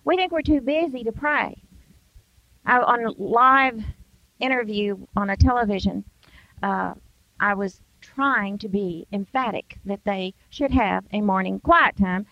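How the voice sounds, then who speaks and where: A woman's voice: mid-range voice, a little slow, no echo. An older woman speaker giving an emphatic Christian devotional talk, acting out everyday excuses in quoted voices. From United States. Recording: dull, dry sound.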